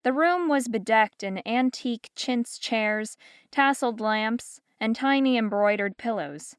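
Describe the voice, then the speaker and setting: A woman narrating an audiobook in an even, measured storytelling manner, close to a studio microphone. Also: a little high, clear, resonant tone, dry recording. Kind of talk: scripted narration. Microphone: close studio mic.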